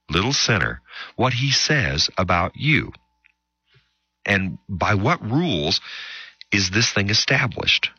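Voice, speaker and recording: A man hosting a radio Bible teaching show, speaking emphatically with long dramatic pauses and quick asides. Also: fairly low pitch, pushed and bright, slightly rough, dry recording, lo-fi sound.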